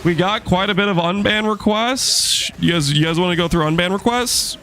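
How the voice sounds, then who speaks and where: Guy streaming a game, kinda high voice, joking around w chat. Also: normal speed, pushed and bright. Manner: joking, chats with viewers while playing. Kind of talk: casual live-stream chat while gaming.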